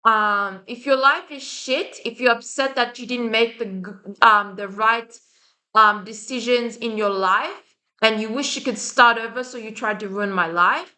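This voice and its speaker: A woman ranting straight to camera in an agitated vlog. She swears often and trips over restarts as she goes. Her voice sits a little high and has a sharp, bright edge. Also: measured pace. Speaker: vlogger. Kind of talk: heated monologue to camera.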